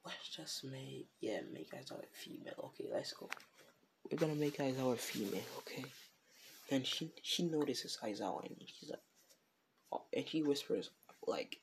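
A man's voice: medium pitch, normal speed, vocal fry, a little hiss or hum. A man improvising a fan story off the top of his head, rambling and self-correcting with a slangy, casual manner. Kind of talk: improvised fan-fiction narration.

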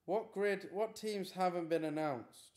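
On a live stream, a man with a high-pitched, somewhat dark-toned voice reads out his chat and answers questions in an easygoing way. His manner is chatty and relaxed, and he's quick to dismiss teasing.

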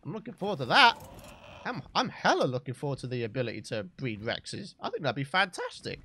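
A young British man giving excited, chatty let's play commentary as the host of a gaming channel. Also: mid-range voice, fairly quick. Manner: excitable, chatty, bursts into shouts and laughs.

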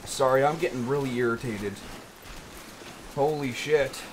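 A man's voice: medium pitch, a little slow, slight background noise, rough recording. A man streaming a game, ranting and cursing with mounting irritation as he plays. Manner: swears a lot, irritated and ranting. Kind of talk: frustrated gameplay commentary.

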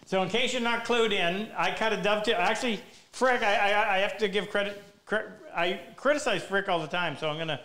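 Smooth-voiced man hosting a workshop Q&A. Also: sits high, a little fast, few pauses, sharp tone. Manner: chatty, self-deprecating, meandering anecdotes. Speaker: woodworking teacher and show host. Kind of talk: live Q&A, casual storytelling. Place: woodworking workshop.

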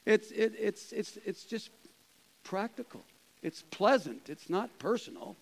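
A man, a pastor, preaching a conversational sermon, chuckling and dropping to soft quoted asides. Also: sits high, lively intonation, a little slow, vocal fry, poor audio. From Canada.

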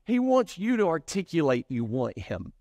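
Animated male preacher, higher voice. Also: moderate pace, no echo. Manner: animated storytelling, acting out voices. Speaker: pastor. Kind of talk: sermon.

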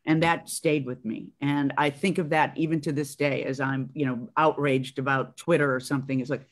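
A woman in her sixties from Chicago with a Chicago accent, an actress chatting as an interview guest, telling animated stories with frequent ums and restarts. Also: a bass voice, normal speed, hardly any pauses. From Chicago, USA. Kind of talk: casual interview chat.

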